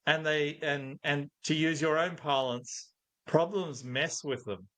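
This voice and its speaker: A man's voice: on the high side, slow pace, a bit bright. A middle-aged man, a guest in an interview, talking thoughtfully and telling anecdotes. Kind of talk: conversational interview.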